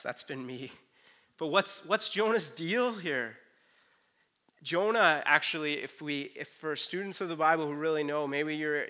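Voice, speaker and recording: A man preaching a conversational sermon. He retells a Bible story and acts out the characters' lines in quick asides. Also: on the high side, sharp tone. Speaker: pastor.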